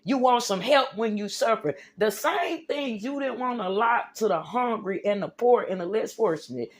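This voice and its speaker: On a livestream, a woman with a slightly high voice rants fervently about religion directly to her viewers, preaching with emphasis and calling them y'all and baby. Her intonation is lively, and she speaks at a normal speed.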